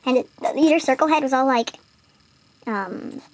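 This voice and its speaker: Rambling high-voiced young girl. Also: normal speed. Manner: rambling, lots of fillers and restarts. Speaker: video maker retelling a game. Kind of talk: casual storytelling while drawing.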